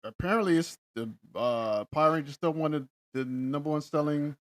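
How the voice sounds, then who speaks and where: A man's voice: fairly high pitch, moderate pace, no room sound. A man co-hosting a podcast, chatting casually with short, laid-back replies. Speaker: podcast co-host. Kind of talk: casual recap chat.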